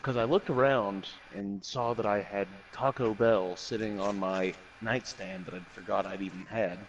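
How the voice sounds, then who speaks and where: A man's voice: on the low side, fairly even intonation, moderate pace, lo-fi sound, slight background noise. A man in casual chat, rambling and crude, tossing in trivia.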